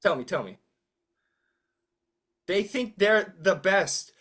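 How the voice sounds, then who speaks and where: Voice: medium pitch, takes it slowly. Teacher on a video call, bouncy up-and-down voice, jokey, keeps asking the class stuff. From United States. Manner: lively, teasing, asks the class questions. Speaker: English teacher. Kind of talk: interactive online English class.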